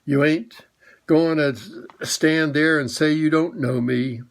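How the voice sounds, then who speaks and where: A man voicing a plain-hearted cab driver, who talks in a blunt, rough working-class way. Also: fairly high pitch, fairly even intonation, slow pace.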